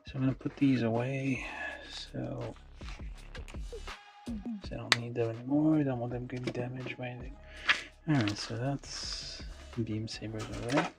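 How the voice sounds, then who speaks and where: With vocal fry and long pauses, a man speaks in a mid-range voice at normal speed as background music plays. He builds a model kit on a livestream, musing casually and half to himself, full of fillers.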